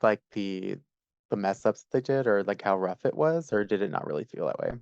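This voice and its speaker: A man's voice: on the low side, animated, moderate pace, creaky, darkish tone, clear, resonant tone, dry recording, muffled recording. A man co-hosting a podcast, chatting casually and laughing along with short reactions. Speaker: podcast co-host. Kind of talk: casual chat.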